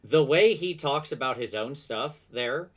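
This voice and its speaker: A man hosting a podcast, chatting casually with quick asides and self-deprecating laughs. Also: medium pitch, expressive, fairly bright tone. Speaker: podcast host. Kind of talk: casual chat.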